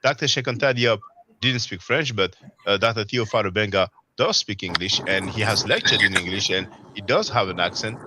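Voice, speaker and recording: A man's voice: on the low side, lively intonation, normal speed, sharp tone, slight background noise. A man hosting a live online panel, rambling in casual commentary with many fillers and mocking quotes of others. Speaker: livestream panel host.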